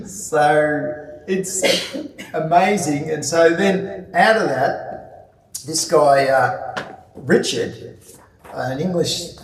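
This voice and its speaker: A man's voice: medium pitch, slight background noise. A man telling casual stories to a club audience, rambling with many fillers and restarts. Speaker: guest speaker. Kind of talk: casual anecdotal talk. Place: club meeting room. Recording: echoey room, distant mic, faint ambience.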